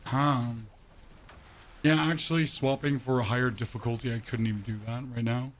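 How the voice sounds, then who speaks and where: A man's voice: medium pitch, steady tone, moderate pace, a little hiss or hum. A man streaming a game and chatting with his viewers through a voice changer, opinionated and ranting, often tripping over his words. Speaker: gaming streamer. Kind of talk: casual livestream chat while gaming.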